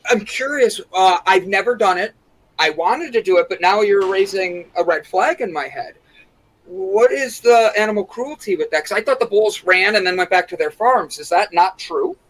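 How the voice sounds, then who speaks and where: A man's voice: high-pitched, lively intonation, moderate pace, a bit bright, rough recording. A man hosting an interview, asking curious, upbeat questions. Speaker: host. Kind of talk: casual interview talk.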